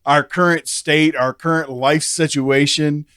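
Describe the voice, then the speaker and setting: A man hosting a podcast, chatting casually and relaxed, often giving short affirming murmurs. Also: a little high, measured pace, clean tone, no room sound, studio quality. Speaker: podcast host.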